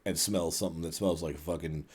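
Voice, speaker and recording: A man hosting a casual podcast chat, telling stories in a profane, animated way. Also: sits low, fast, husky. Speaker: podcast host.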